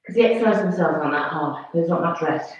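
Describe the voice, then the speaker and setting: A woman's voice: on the low side, a little mellow. Distant woman fitness coach, very echoey. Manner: brisk short commands, encouraging. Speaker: fitness instructor. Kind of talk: live workout coaching with counts and cues. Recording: very echoey, distant, dull-sounding room recording.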